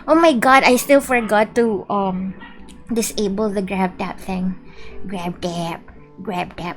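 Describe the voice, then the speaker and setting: A woman's voice: mid-range voice, takes it slowly. A woman with a Filipino accent chatting casually on a game stream, playful and giggly as she reads chat aloud. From Philippines. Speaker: VTuber streamer. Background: faint background music.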